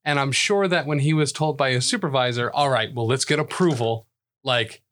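A man's voice: medium pitch, moderate pace, a bit bright. A man co-hosting a podcast in casual chat, cracking crude jokes and acting out quotes. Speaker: podcast co-host.

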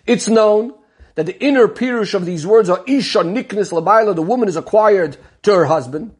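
A man's voice: high-pitched, slightly rough. A man teaching a Talmud lesson, explaining step by step and weaving in Hebrew terms. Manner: explanatory, repeats key terms, Hebrew and Yiddish terms. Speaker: Torah teacher.

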